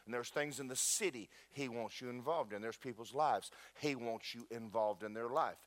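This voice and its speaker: A man's voice: medium pitch, moderate pace. A man preaching a sermon to his church, telling jokes and stories and talking straight to the congregation. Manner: animated, joking storyteller addressing the congregation. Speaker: pastor.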